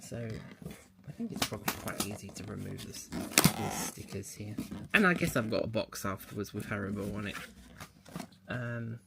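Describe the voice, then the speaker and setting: A man's voice: lowish voice, normal speed, creaky, long pauses, very noisy. A man chatting casually as he unboxes a mystery box, thinking aloud as he handles the packaging. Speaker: unboxing vlogger.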